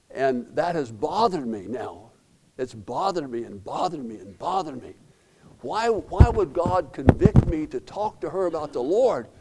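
A man's voice: on the high side, darkish tone. Older male preacher, earnest and repetitive. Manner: earnest, repeats phrases for emphasis, folksy storytelling. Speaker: pastor. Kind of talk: sermon.

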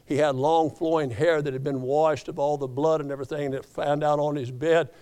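Impassioned preacher with a high voice. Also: male voice, steady tone, brisk, clean tone. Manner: swings from hushed low tones to raised impassioned climaxes; quotes scripture with slips and self-corrections. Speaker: pastor. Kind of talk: sermon.

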